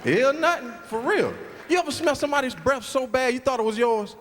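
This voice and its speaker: A man's voice: very high voice, a little fast. A man performing a stand-up routine on a club stage, telling stories and acting out the people in them. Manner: animated storytelling, acting out characters. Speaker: stand-up comedian. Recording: roomy hall with loud crowd noise. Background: audience laughter.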